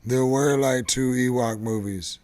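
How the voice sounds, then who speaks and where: A man hosts a casual live stream in an easygoing, rambling way. He stops and restarts his sentences often. His voice sits at an ordinary middle pitch. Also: fairly even intonation, darkish tone. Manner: rambling, halting, many restarts. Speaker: show host.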